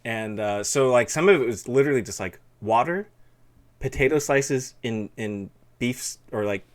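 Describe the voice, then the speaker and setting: A man's voice: mid-range voice, normal speed. Chatty rambling man streamer. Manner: rambling, chatty, reads chat aloud. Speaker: streamer host. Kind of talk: casual chat on a live stream.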